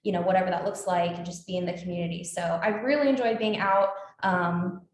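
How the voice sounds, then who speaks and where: A woman's voice: lowish voice, steady tone, a little fast, a little hiss or hum. A woman in her twenties, a guest in a casual interview, telling a story with lots of fillers and quoted dialogue. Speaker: alumni guest. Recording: echoey room.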